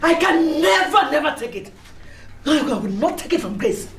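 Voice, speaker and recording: An enraged high-voiced society queen. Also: big pitch swings, normal speed, gravelly, exaggerated voice. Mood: indignant. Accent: Nigerian. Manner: shouting, indignant, theatrical outbursts. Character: proud domineering society lady, quick to rage. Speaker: actor in a film. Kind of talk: melodramatic film acting. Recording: echoey room with music underneath.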